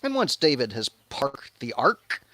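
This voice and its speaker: A sardonic, profane man hosting a casual livestream. He speaks slowly and unhurriedly, and his pitch rises and falls widely as he mocks. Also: wildly swooping pitch, bright, forceful tone, no echo. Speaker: host.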